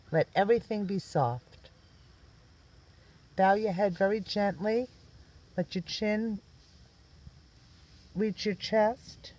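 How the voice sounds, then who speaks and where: High-voiced guy talking you thru a meditation, slow and soft. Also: highs cut off. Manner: soft, gentle, slow instructions. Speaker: meditation teacher. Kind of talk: guided meditation.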